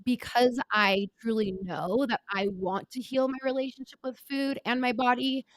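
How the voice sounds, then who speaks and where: A young woman in her twenties shares her story on a podcast in a halting, earnest manner, filling every pause with small words. Her voice sits a little high. The sound is dry and close, with no room around it. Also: fairly even intonation, no echo. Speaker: podcast co-host. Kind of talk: candid personal conversation.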